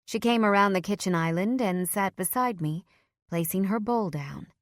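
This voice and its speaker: Brief: female first-person romance narrator, playful, mid-range pitch, dry close sound. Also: normal speed, no echo. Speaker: audiobook narrator.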